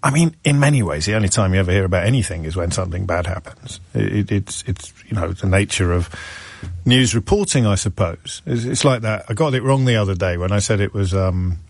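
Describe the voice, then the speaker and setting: A man's voice: sits low, a little fast, a little mellow, dry recording. A middle-aged man hosting a radio phone-in show, telling stories in a wry, rambling way and correcting himself as he goes. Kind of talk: chatty on-air monologue. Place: radio studio.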